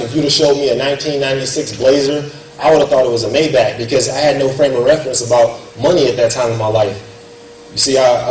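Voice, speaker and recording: A man's voice: medium pitch, darkish tone. A young man giving an earnest, conversational storytelling speech at a gala in a banquet hall. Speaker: guest speaker. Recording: echoey hall heard from far off, faint room noise.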